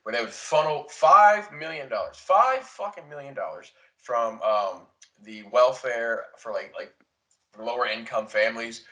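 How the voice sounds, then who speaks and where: A young man co-hosting a podcast, rambling through a casual chat, swearing often and retelling events with animated quotes. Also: mid-range voice, a little slow, low-quality recording. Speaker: podcast co-host. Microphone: desk podcast mic.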